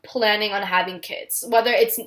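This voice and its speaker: A woman's voice: mid-range voice, fairly even intonation, moderate pace, a bit bright. A young woman reading tarot cards in a casual vlog, emotional and giggly, with many fillers. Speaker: tarot reader.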